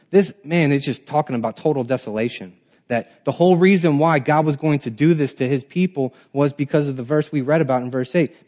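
A man's voice: medium pitch, moderate pace, darkish tone. Man teaching a Bible class, lo-fi. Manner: reads scripture aloud then explains it plainly, with restarts.

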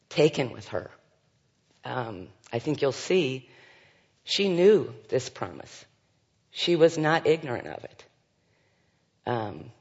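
A man leading a Bible study, reading scripture aloud and commenting with frequent fillers and asides. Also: mid-range voice. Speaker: Bible teacher. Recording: dull sound with long hall reverb.

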